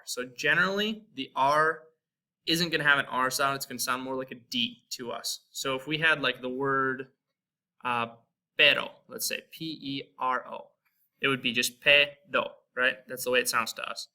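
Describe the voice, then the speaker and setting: A young American man with an American accent, giving a relaxed spoken lesson and slowly repeating example words. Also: mid-range voice. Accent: American English. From United States. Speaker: Spanish teacher.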